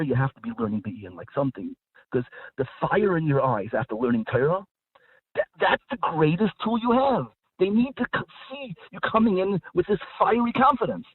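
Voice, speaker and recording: A man's voice: on the high side, slightly rough, no echo. A man speaking as a guest rabbi in a radio discussion, talking emphatically with frequent repeated words and restarts. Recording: dry, phone-like line.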